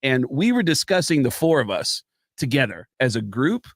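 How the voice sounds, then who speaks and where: A man's voice: medium pitch, moderate pace, no room sound, clean studio sound. A man, a stand-up comedian, telling stories on a talk show in casual chat and acting out the lines of the people he quotes. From United States. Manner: animated storyteller who acts out quotes. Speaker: guest, stand-up comedian and impressionist.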